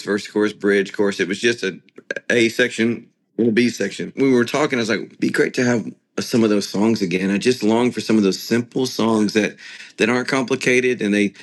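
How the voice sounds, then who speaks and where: Earnest low-voiced man explaining his songs. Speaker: guest songwriter. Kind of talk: conversational interview.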